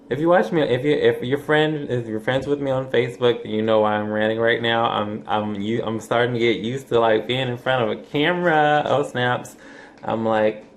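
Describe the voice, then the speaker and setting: A man's voice: medium pitch, steady tone, normal speed. A man in his twenties talking casually to camera in a rambling vlog, with lots of fillers, restarts and swearing. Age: 20s. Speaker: vlogger.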